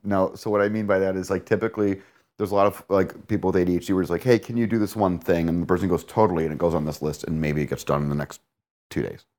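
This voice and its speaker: A man with a somewhat low voice explains a point in a relaxed, conversational way. He keeps it lively, breaking into quick acted-out examples to show what he means. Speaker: therapist or coach.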